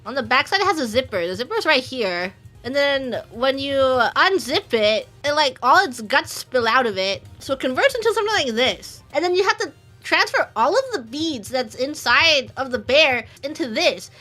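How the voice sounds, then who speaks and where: A young woman streamer chatting casually, her voice high and bright. She tells funny stories with lots of giggling and acts out what her friends said. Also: very animated, normal speed, faint music behind.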